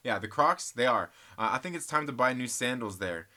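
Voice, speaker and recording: A man's voice: medium pitch, lively intonation, brisk, sharp tone. A man hosting a comic book channel, chatting casually and rambling, joking and teasing and addressing viewers as guys. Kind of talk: casual rambling vlog chat.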